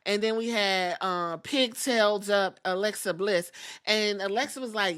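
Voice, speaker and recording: Woman podcast host, bright forceful voice, gossipy profane storyteller. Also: mid-range voice, a little slow. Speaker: podcast host reviewing wrestling. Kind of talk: casual recap.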